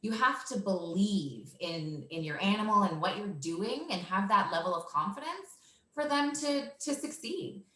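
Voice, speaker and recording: A woman's voice: mid-range voice, animated, normal speed, fairly bright tone, reverberant. A woman working as a dog walker and trainer, explaining her methods in an assured, matter-of-fact way and laughing easily. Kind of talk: casual interview answers.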